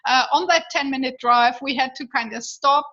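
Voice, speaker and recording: Woman rambling through a story, lots of ums and restarts, bright high-ish voice, kinda dull lo-fi audio. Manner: halting, with many fillers and restarts; laughs often while telling. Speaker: guest sharing a birth story. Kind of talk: casual storytelling.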